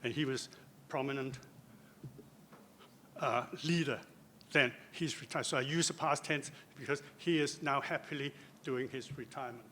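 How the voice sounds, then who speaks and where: A man's voice: mid-range voice, normal speed, sharp tone, slight background noise. An older man giving a conference lecture, chatty and joking, with lots of asides. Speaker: guest lecturer. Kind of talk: conference talk.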